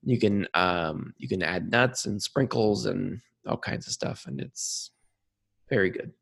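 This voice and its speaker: A man's voice: fairly low pitch, measured pace, gravelly, a bit bright, slightly rough. A man co-hosting a casual sports podcast, chatty and easygoing, often trailing off mid-thought. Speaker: podcast co-host.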